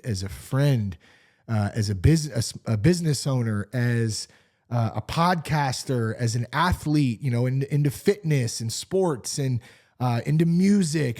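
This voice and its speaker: A man in his forties hosting a podcast solo, talking in an animated, candid way and swearing freely. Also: mid-range voice. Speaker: podcast host. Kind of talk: casual solo podcast talk.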